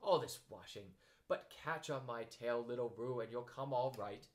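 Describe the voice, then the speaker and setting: A man voicing a gloomy, grumbling old male donkey in a storybook reading, slow and mournful. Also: medium pitch, very animated, fairly bright tone.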